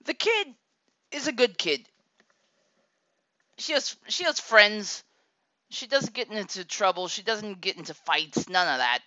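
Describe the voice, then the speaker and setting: A woman telling a comic story about her daughter, animated and exasperated, laughing often. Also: mid-range voice, a little slow, long pauses, dry recording, dull audio.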